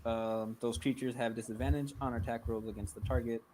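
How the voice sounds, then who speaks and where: A man's voice: mid-range voice, fairly even intonation, a little fast, darkish tone, slight background noise. A man playing a tabletop game, reading rules aloud plainly. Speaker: player.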